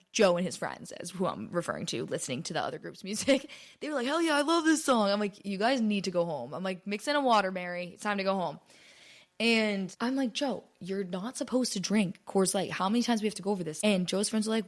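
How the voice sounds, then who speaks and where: Chatty young woman telling a story. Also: medium pitch. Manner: chatty, rambling, swears often, heavy use of "like". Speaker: podcast host. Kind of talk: casual storytelling monologue.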